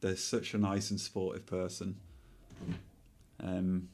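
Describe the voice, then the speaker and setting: Soft-spoken British man, low voice. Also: completely flat delivery, a little slow, vocal fry, a little hiss or hum. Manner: rambling, soft-spoken, prone to tangents. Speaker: Twitch streamer. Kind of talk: casual chat while streaming.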